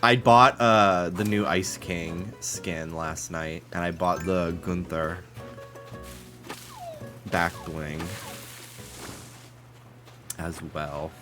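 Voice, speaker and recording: A man with a very low, stuffy-nosed voice rambles casually while streaming a game, cursing now and then. Soft game music plays faintly behind him. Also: steady tone, extremely slow, long pauses. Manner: rambling, chatty, swears freely. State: stuffy nose.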